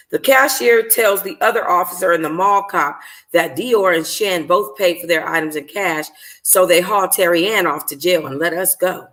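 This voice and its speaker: A woman's voice: lowish voice, normal speed, fairly bright tone. Casual woman reading a novel aloud. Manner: casual, profane, apologizes for slips. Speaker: book club reader.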